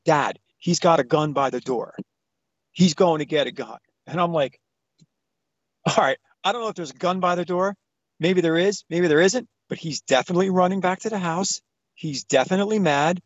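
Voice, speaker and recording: A man in his thirties calling in to a talk show, retelling a story with animated, acted-out quotes. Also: a little high, no echo. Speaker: caller. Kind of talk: phone-in storytelling. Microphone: phone call. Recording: dull lo-fi phone-in audio, dry.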